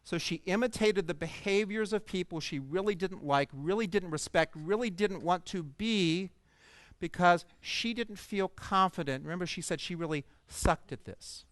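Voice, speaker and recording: Guy on stage telling a funny story about himself, clean smooth voice, kinda high, dry sound. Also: normal speed, fairly bright tone, no room sound. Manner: humorous, self-deprecating storytelling to an audience. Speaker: speaker at a coaching conference. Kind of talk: storytelling keynote talk. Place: conference stage.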